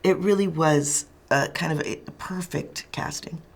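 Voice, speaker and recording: A woman film director in a press interview, speaking reflectively and pausing often to search for words. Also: low voice, creaky.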